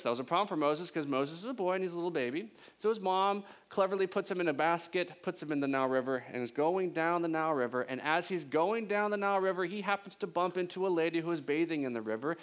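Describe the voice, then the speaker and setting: Man preaching, conversational storytelling, lively, slightly higher voice. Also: fast talker, few pauses. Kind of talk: sermon.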